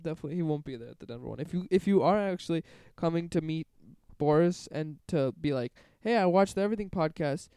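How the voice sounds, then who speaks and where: A young man co-hosting a podcast in casual chat, soft-spoken and low on energy from being sick. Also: expressive, quick pace, few pauses, clear, resonant tone, dry recording. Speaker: podcast co-host, musician.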